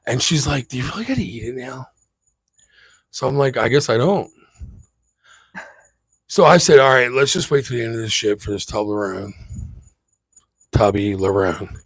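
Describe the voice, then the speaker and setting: A man's voice: medium pitch, normal speed, pauses often, breathy edge, dry recording. A man chatting casually as a cruise vlogger, telling joking stories. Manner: joking storyteller, lively delivery. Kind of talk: casual chat.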